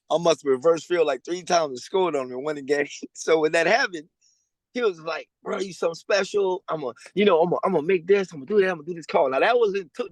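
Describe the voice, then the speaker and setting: A fairly high-voiced man from tells his story in an interview, with loose, slangy speech. He jumps up in pitch to act out what other people said. The call has a dry, close sound. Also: no room sound, poor audio. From Louisiana. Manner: animated storyteller, acting out quoted people in a higher voice; slangy and casual. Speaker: guest. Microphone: remote call over a weak connection.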